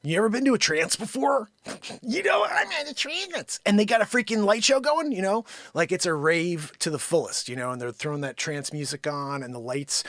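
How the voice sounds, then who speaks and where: A man hosting a daily live comedy stream, rambling and joking, swinging from loud bursts to muttered asides. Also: high-pitched, animated, normal speed, no room sound. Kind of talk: unscripted live comedy chat. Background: his own intro song playing.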